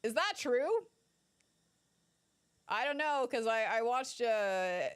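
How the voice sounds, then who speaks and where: A woman's voice: a little high, slow pace, clean tone. A young woman streaming a first playthrough of a game, reading dialogue aloud and chatting casually, swearing and giggling. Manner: animated, swearing, giggly, reads dialogue in voices. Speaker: gaming streamer. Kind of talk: let's play commentary reading game text aloud.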